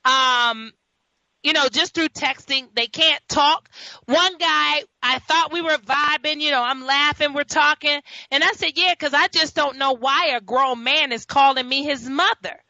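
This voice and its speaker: A woman's voice: sits high, unhurried, no echo. A woman from New York hosting a talk show, telling stories in casual chat with laughing asides. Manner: storytelling, laughing, animated asides. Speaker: host. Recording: dull lo-fi audio.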